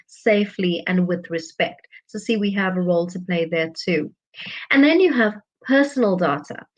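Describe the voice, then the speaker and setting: A woman's voice: fairly high pitch, muffled recording. Earnest woman presenting a teaching webinar. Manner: earnest, explanatory, stresses key words. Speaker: online teaching trainer. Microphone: webinar microphone.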